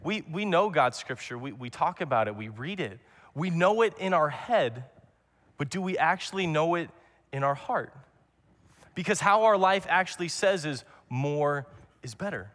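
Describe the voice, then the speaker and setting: A man's voice: a little high, animated, normal speed, fairly bright tone. Earnest young man preaching in a reverberant hall. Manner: earnest, repetitive preaching with restarts. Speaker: pastor. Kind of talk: sermon.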